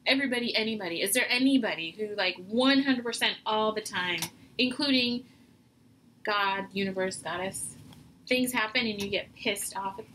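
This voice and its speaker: A woman and mother talking as a guest in a casual interview, animated and quick to act out what people say. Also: mid-range voice, a little hiss or hum, low-quality recording. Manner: animated, acts out quoted voices. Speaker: podcast guest.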